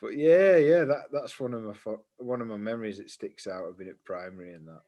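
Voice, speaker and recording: A man, co-hosting a casual podcast chat and telling stories in an animated way, laughing easily. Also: lowish voice, fairly quick. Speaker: podcast co-host.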